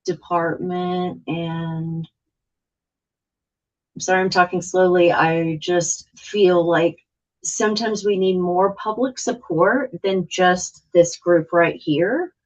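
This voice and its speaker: A woman's voice: on the low side, slow, muffled recording. A woman on a board meeting video call, speaking frankly but hesitantly, with many fillers. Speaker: housing board member. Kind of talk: meeting discussion.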